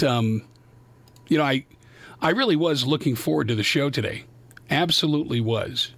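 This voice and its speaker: A man's voice: medium pitch, a bit bright, no echo. A man hosting a live call-in radio talk show from his studio, rambling and openly exasperated about his equipment. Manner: exasperated, rambling, self-deprecating. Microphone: studio microphone.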